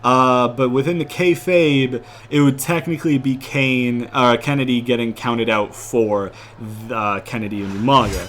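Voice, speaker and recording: A man's voice: medium pitch, steady tone, moderate pace, hardly any pauses, a bit bright. A young man giving casual, rambling commentary over a wrestling game, full of fillers and cursing. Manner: rambling, filler-heavy, profane, casual slang. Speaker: gaming commentator.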